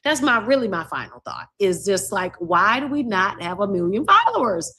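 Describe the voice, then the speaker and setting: Guest, woman, university leader, warm and gushing, mid-range voice. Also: mid-range voice, big pitch swings, moderate pace, breathy edge. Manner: warm, reflective, gushing praise. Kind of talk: casual interview chat.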